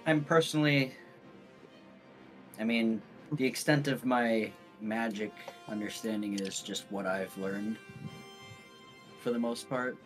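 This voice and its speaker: A man's voice: on the low side, fairly even intonation, slow, long pauses, music in the background. A man playing a tabletop game, talking hesitantly with many "you know"s. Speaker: player. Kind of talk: casual in-character play.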